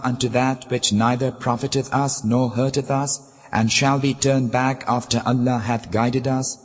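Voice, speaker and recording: A man giving a solemn, measured reading of scripture in a formal, unhurried manner. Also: fairly low pitch. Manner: slow, measured, formal delivery. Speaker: scripture reader. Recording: long reverb.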